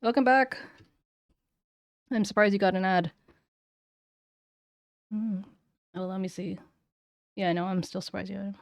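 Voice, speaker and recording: A woman's voice: mid-range voice, a little slow, long pauses, dry recording. A woman streamer in casual chat who rambles and gropes for words, with many likes and ums.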